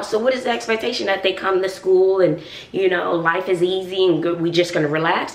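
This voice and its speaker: Gravelly sassy teacher lady chatting while she cooks, kinda far from the mic in an echoey kitchen. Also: lowish voice, steady tone, a little fast. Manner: sassy, chatty, addresses viewers as y'all. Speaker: schoolteacher. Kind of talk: casual vlog chat while cooking. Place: home kitchen.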